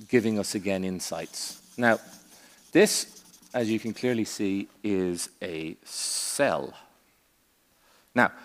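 A man's voice: medium pitch, big-room sound. Theatrical male keynote speaker. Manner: theatrical, varied delivery with long pauses and punchy asides. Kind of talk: conference keynote speech. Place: conference stage.

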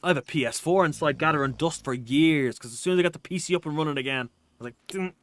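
A man's voice: fairly high pitch, fast, fairly bright tone, no room sound. An Irish man chatting casually while streaming a game, reading out viewer comments in a rambling, restart-prone way.

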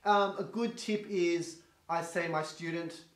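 A man teaching a singing lesson in a quick, chatty coaching manner, demonstrating with vocal sounds. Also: fairly high pitch, fairly even intonation. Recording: roomy echo, faint guitar behind.

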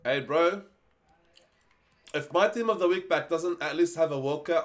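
In an unhurried voice on the high side, a young man chats excitedly on a live stream as he opens game packs. He swears freely and begs for good luck along the way.

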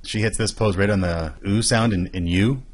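A man walking through an animation tutorial, explaining each step in a steady way. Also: fairly low pitch, normal speed, husky. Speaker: animation instructor. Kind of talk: screen-recorded tutorial.

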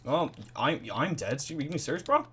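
A man giving excitable, rambling let's play commentary full of swearing and reactions to the game. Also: a little high, normal speed. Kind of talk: gaming commentary.

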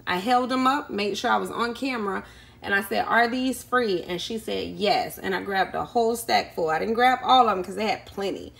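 A woman's voice: medium pitch, brisk, gravelly, a bit bright. A woman vlogging casually at home, telling a long story with lots of ums and acting out the people she met. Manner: chatty, many ums, acts out quoted people. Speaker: YouTube vlogger. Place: indoors at home.

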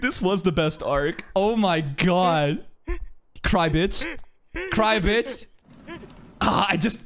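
A young man streaming an anime reaction, excitable and profane, cheering, shouting and laughing at the screen between calmer remarks. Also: high-pitched. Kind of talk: live anime reaction commentary.

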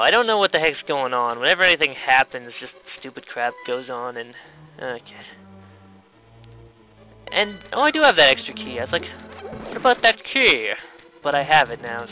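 Bright, high-voiced sarcastic gamer man. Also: rough recording. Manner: sarcastic, jokey, exclaims at the game. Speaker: gaming video creator. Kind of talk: casual let's play commentary.

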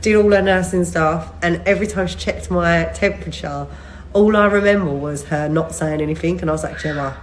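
Still tired from a recent illness, a woman in her thirties gives her followers a casual update over phone video, rambling and breaking into laughter mid-sentence. She speaks briskly at a fairly low pitch with fairly even intonation; the audio is poor, with a little hiss or hum.

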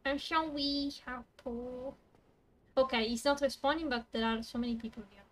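A woman's voice: high-pitched, steady tone, normal speed, fairly bright tone. A woman, a native Italian speaker, streaming a video game in casual chat, swearing and laughing as she plays.

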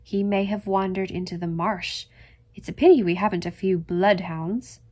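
A woman's voice: normal speed, a little mellow, lightly acted. Woman voicing a gloomy, ominous old aunt. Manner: lowers her voice creepily, ominous. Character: fussy, gloomy elderly aunt prone to dire warnings. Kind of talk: audiobook reading.

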